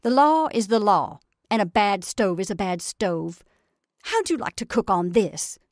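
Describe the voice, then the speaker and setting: A woman's voice: medium pitch, lively intonation, unhurried, no room sound, studio quality. A woman playing a blunt, stout farm wife. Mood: aggressive. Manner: firm, forceful, louder than narration. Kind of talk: reading a short story aloud.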